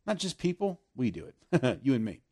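A man preaching a sermon, swinging from loud emphasis down to hushed, almost whispered lines. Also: medium pitch, big pitch swings, moderate pace.

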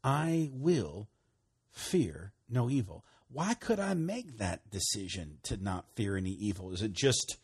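A man preaching a sermon, emphatic, moving between loud bursts and hushed, quiet lines. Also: on the low side, big pitch swings, normal speed, husky. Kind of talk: sermon teaching.

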